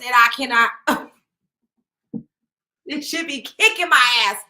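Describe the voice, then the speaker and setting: A woman's voice: high-pitched, takes it slowly, pauses often, sharp tone. A young woman hosting a casual live stream, reading comments aloud, laughing often and swearing playfully.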